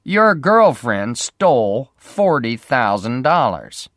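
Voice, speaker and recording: A man doing a slow, flat-voiced detective. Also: medium pitch, no room sound, clean studio sound, voice pushed up. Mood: cold questioning. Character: flat, unfriendly middle-aged male private detective.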